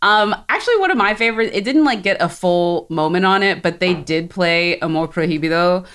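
Low-voiced chatty woman from South Texas. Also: animated, a bit bright, clean tone. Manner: chatty, laughs often, quick asides. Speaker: podcast co-host. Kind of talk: casual chat.

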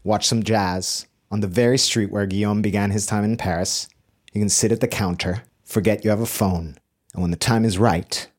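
A man co-hosting a podcast, telling a travel tale in a relaxed way and laughing often. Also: fairly low pitch, normal speed, dry recording, clean studio sound. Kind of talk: casual chat.

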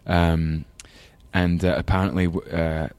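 Very deep-voiced London Englishman. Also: little pitch movement, darkish tone, clean tone, no room sound. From England. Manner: thoughtful, rambling, quick to laugh. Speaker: actor, talk show guest. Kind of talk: casual chat.

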